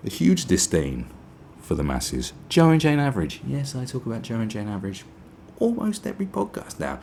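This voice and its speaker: A man's voice: mid-range voice, wildly swooping pitch, fairly quick, gravelly, a little mellow, slight background noise. A man from Britain hosting a podcast, ranting sarcastically, swearing and mimicking people in mocking voices. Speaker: podcast host. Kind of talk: opinionated podcast monologue.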